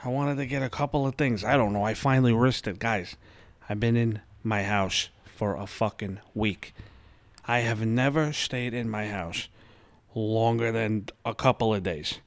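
A man's voice: on the low side, moderate pace, dry recording. A young man, ranting and swearing a lot as he talks through a casual podcast monologue from home. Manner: animated, heavy swearing, ranting. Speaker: podcast host.

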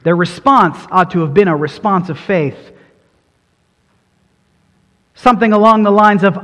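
A man's voice: high-pitched, measured pace, long pauses, fairly bright tone, long reverb tail. A man preaching a sermon in an earnest, emphatic way, his delivery rising and falling as he presses his points.

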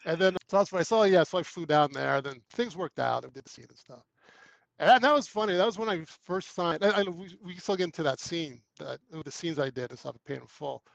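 A man's voice: a little high, brisk, creaky, no room sound, muffled recording. A man, an actor guest, telling anecdotes in casual chat and acting out the quoted lines. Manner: animated storyteller who acts out quoted lines.

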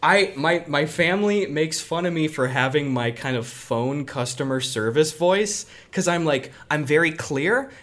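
A young man co-hosting a podcast, telling funny stories in casual chat and slipping into loud, laughing impressions. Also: a little high, unhurried, hardly any pauses. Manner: animated storyteller, bursts into loud laughing impressions. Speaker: podcast co-host.

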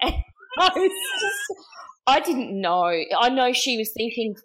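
A woman's voice: fairly high pitch, big pitch swings, measured pace, a bit bright. Chatty middle-aged Australian woman. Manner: chatty, laughing, acts out quotes. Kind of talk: casual anecdotal storytelling.

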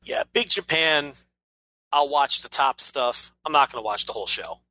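Bright-voiced, emphatic podcast man. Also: medium pitch, normal speed, rough recording. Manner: emphatic and ranting, swears, many restarts. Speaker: podcast co-host. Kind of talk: casual podcast chat.

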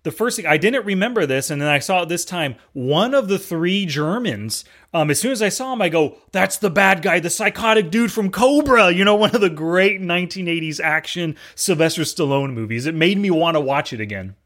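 A man's voice: on the high side, expressive, brisk, few pauses, a bit bright. A man co-hosting a casual movie discussion, easygoing and agreeable. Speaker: podcast co-host.

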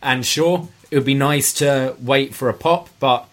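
A young man co-hosting a casual wrestling podcast. He chats with quick-witted, enthusiastic banter. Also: medium pitch, a bit bright. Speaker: podcast co-host. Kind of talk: casual wrestling review chat.

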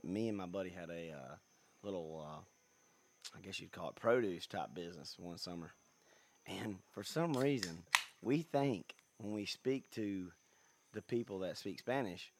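A man, chatting casually and rambling as a podcast co-host, laughing often. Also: low-pitched. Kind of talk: casual chat.

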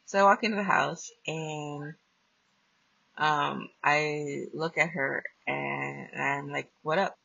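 Woman host telling a spooky story, raspy and bright, cusses a lot, flat dry lo-fi sound. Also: sits low, slow, dry recording. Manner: blunt, profane, animated storytelling. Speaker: podcast host. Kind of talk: casual storytelling. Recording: dull lo-fi dry recording.

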